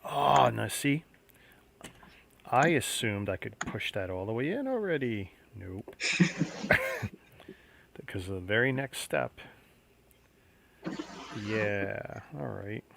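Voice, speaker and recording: A man's voice: fairly low pitch, big pitch swings, slow pace, vocal fry, pauses often, fairly bright tone. A man hosting a casual livestream, chatting and musing aloud as he builds a model kit. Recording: faint background noise.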